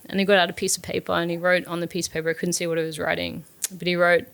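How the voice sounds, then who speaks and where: Aussie woman, low and a bit gravelly, earnest storytelling as a guest, lots of ums and restarts. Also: fairly even intonation, fast talker, few pauses. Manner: earnest and open, with frequent fillers and restarts. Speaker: guest, startup founder. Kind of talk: reflective storytelling in an interview.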